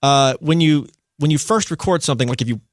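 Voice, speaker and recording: A man's voice: a little high, fast, no echo, studio quality. An American man hosting a radio show, asking loose, rambling questions in an upbeat, casual way. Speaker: radio host.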